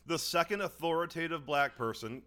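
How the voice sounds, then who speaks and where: A man co-hosting a comedy podcast about a movie, sarcastic and profane, trading deadpan jabs. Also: fairly high pitch, brisk. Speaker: podcast co-host. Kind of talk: casual comedic movie chat.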